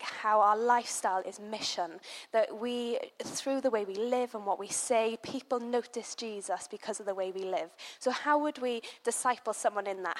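A young woman delivers a relaxed sermon, chatty and informal, her voice sitting a little high for a woman. She fills her talk with "like" and "you know" as she tells a story and then makes her point. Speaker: church speaker. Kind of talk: casual sermon with anecdote.

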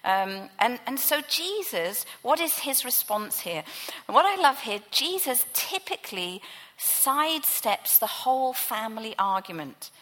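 A woman's voice: on the high side, sing-song, a little slow, fairly bright tone, long reverb tail, low-quality recording. A woman preacher giving a sermon, teaching from the Bible in a conversational way.

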